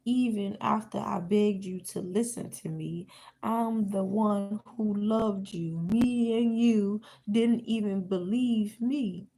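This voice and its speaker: A woman's voice: medium pitch, steady tone, slow, warm tone. A woman reading aloud the lines of a hurt young woman who confronts her ex indignantly and curses. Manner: indignant, cursing.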